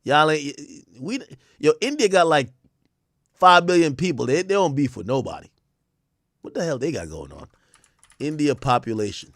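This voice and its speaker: A man hosting a livestream, riffing casually in a loose, profane way with sudden loud outbursts. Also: on the high side, big pitch swings, moderate pace, long pauses, no echo, clean studio sound. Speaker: livestream host.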